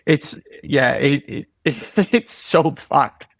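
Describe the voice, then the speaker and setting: An Australian business owner talks candidly as a podcast guest, with a gravelly edge to his voice. He swears heavily and quotes others as he vents, at a middle pitch, recorded close and dry. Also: animated, takes it slowly, no room sound. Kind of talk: casual podcast chat.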